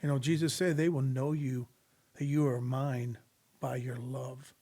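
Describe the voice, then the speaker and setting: A man's voice: mid-range voice, little pitch movement, a little slow, warm tone. A man telling a personal faith testimony in casual podcast conversation, earnest and preacherly, acting out the voices of people in his story. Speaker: podcast guest sharing testimony.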